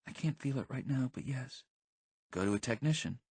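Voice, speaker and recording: A man voicing an anxious, sharp-tongued teenage girl in an audiobook, talking fast and pleading. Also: medium pitch, animated, breathy edge, no room sound, pitched above the performer's own voice. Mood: scared. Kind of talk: audiobook character voice.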